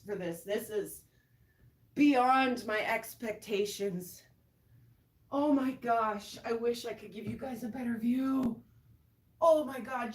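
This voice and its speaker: A high-voiced woman, breathless and overwhelmed, exclaims and murmurs in slow, drawn-out phrases. She is outdoors in her backyard at night, a little away from the mic, with a roomy, open echo around her. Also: far from the mic. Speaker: livestreamer. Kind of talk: live-stream reaction.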